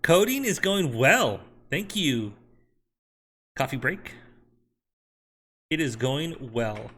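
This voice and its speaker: Bright-voiced man thinking aloud while coding. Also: medium pitch, sing-song, slow pace, slightly rough. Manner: talks to chat and himself while working. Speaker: software developer streaming his coding.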